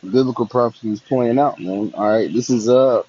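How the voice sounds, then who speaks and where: A man hosting religious commentary, talking haltingly and leaning on fillers. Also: medium pitch, warm tone, slightly rough. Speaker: host. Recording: dull lo-fi audio.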